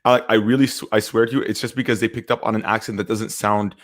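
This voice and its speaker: Young male podcast co-host, low-leaning voice, candid and rambling, casual chat. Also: fairly even intonation, fast talker.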